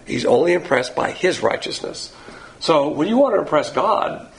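A man gives a sermon-style Bible lesson with a blunt, lecturing manner. His voice has a gravelly edge and swings widely in pitch. It sits a little higher than most men's. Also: animated, moderate pace. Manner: blunt, lecturing, uses a board. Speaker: Bible teacher.

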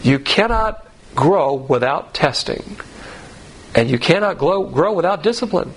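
A man's voice: fairly high pitch, expressive, a little slow, slight background noise, low-quality recording. A man teaching the Bible verse by verse in a blunt, folksy way, full of rhetorical questions and acted-out quotes. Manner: acts out quoted voices.

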